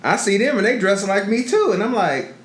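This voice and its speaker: Animated profane man in a roomy room. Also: high voice, a little fast. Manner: profane, animated storyteller acting out quotes. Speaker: podcast co-host. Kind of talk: casual chat, storytelling. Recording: roomy echo, faint noise.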